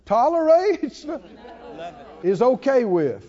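A man's voice: very high-pitched, sing-song, slow pace, mellow, in a large hall, highs cut off, a faint crowd. A man preaching a sermon, emphatic and calling out to the congregation. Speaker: pastor.

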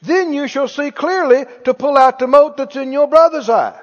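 A man's voice: very high-pitched, moderate pace. A man preaching a sermon to a live congregation in a church, emphatic, repeating key phrases and asking the listeners whether they hear him. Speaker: pastor. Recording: echoey hall, dull lo-fi sound.

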